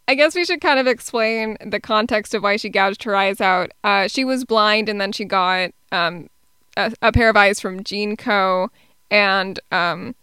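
A woman co-hosting a film podcast in an easy, unhurried way, often stopping on small ums. Her voice is bright and very crisp. The sound is dry and close, with no room around it. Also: medium pitch, no echo. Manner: relaxed, hesitant with many ums. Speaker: podcast co-host. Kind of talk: casual film review chat.

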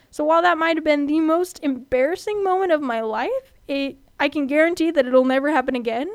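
A woman's voice: high voice, brisk, few pauses, no echo, clean studio sound. A young woman in her twenties from California hosting a student podcast, telling personal stories in a candid, chatty way. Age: 20s. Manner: chatty, candid, animated when retelling.

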